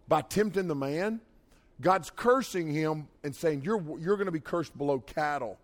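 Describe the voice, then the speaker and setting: A man's voice: a little high, expressive, normal speed. A middle-aged man, preaching a folksy youth sermon. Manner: folksy storytelling, rises and drops in loudness. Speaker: youth pastor.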